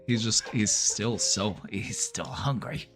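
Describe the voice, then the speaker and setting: A man's voice: on the low side, takes it slowly, faint music behind. A man hosting a livestream from home, chatting casually and stopping to talk to his dog. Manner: relaxed, chatty, talks to his dog mid-stream. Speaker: livestream host.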